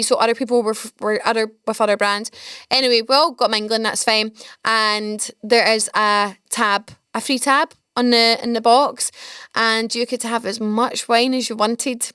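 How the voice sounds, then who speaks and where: A young Scottish woman hosting a podcast, rambling through stories in an excitable, chatty way. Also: fairly high pitch, clean tone, dry recording, clean studio sound. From Scotland. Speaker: podcast host. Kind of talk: casual storytelling chat.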